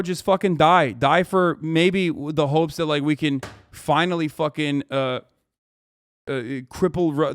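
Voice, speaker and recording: A man reacting to a news video on a livestream, ranting angrily and swearing heavily, his voice rising into shouts. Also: on the high side, smooth. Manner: profane, angry ranting.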